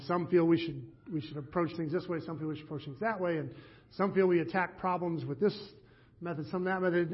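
A male pastor preaching earnestly with a fairly high voice, often pausing on "um" and "uh". The sermon is recorded with a dull, lo-fi sound. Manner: earnest, with many fillers.

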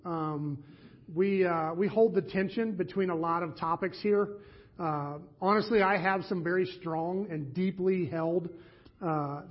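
Earnest high-voiced male pastor. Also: muffled recording. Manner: earnest, with many fillers. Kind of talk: sermon.

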